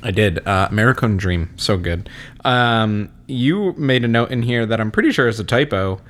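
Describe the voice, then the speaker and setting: A man's voice: on the low side, expressive, normal speed, a bit bright. A man co-hosting a podcast in casual chat, joking and teasing, laughing often. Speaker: podcast co-host.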